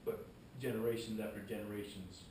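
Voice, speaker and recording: A man's voice: fairly even intonation, a little fast, dark tone. Man giving a rambling talk in an echoey room. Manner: rambling, repeats words, folksy asides. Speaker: guest speaker at a historical society. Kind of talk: informal public talk. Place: meeting room. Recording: echoey room, mic far off, faint rumble.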